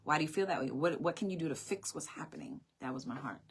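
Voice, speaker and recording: A woman's voice: deep voice, expressive, fast, slightly rough. A woman telling a personal story in a sermon, earnest and reflective, often repeating her phrases. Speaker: speaker. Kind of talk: sermon-style personal testimony.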